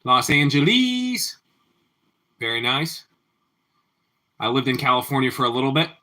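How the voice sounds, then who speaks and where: Bright-voiced man chatting while cooking. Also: medium pitch, a little slow. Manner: relaxed, answers viewer chat, often repeats his phrases. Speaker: livestream host. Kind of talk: casual chat while cooking. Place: home kitchen.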